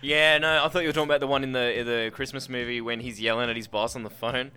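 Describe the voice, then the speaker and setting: A man in casual chat, chiming in with jokes and quick remarks. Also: mid-range voice, steady tone, pushed and bright, smooth. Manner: joking, laughing interjections.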